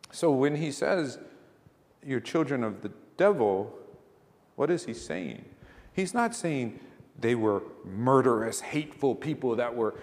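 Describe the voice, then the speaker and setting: Male pastor preaching in a reverberant hall. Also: mid-range voice. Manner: conversational preaching, rhetorical questions, emphatic. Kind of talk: sermon.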